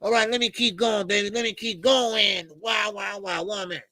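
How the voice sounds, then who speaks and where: A man's voice: high voice, fairly even intonation, normal speed, bright, forceful tone, no echo. A man hosting a boxing channel, ranting in emphatic, repetitive slang and calling his listeners "baby". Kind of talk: animated boxing commentary rant.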